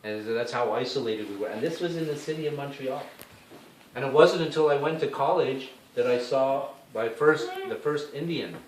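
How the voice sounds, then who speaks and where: A man's voice: medium pitch, moderate pace. A Canadian man giving a rambling, informal talk to a gathering at a temple, with lots of asides and restarts. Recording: echoey hall, speaker far from the mic, faint hiss.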